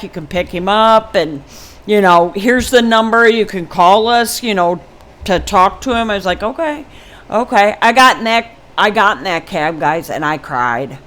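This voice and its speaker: A woman's voice: mid-range voice, fairly bright tone, smooth. A woman in her fifties talking casually and frankly to her viewers in a personal vlog, rambling with many ums and restarts. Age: 50s. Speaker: vlogger. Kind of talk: casual personal talk to camera.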